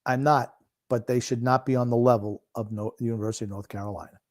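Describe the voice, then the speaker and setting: A man's voice: medium pitch, steady tone, quick pace. An older man co-hosting a sports podcast, grumpy and teasing in casual chat. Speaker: podcast co-host.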